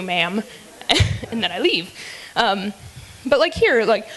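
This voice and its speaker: Woman emceeing a roast, kinda high voice, teasing and giggly, lots of ums and likes. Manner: teasing, giggly, many fillers. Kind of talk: live comedy roast.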